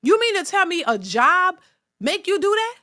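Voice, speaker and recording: Bright-voiced woman ranting bluntly. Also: very high voice, very animated, normal speed. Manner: emphatic, repetitive, blunt and profane. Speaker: reaction channel host. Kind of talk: casual commentary rant.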